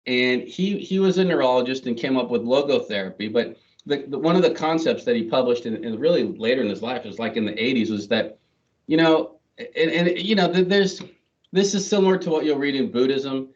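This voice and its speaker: A man's voice: medium pitch, lively intonation, fairly quick. Man, middle-aged, guest speaker, chatty, self-deprecating, fillers and restarts, distant mic, muffled lo-fi sound. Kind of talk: storytelling talk to an audience.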